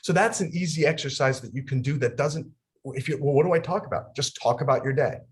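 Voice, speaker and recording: On a video call, a young New York man leads a laughter yoga session, speaking fast in a slightly high voice. His energetic instructions are full of life, with laughter running through his words and bursts of ha-ha chanting.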